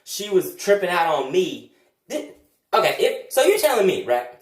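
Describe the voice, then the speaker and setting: A young man telling a comic story about his past, animated, jumping between loud outbursts and low mutters. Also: normal speed. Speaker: vlogger. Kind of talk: comedic storytime monologue. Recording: roomy, distant from the mic.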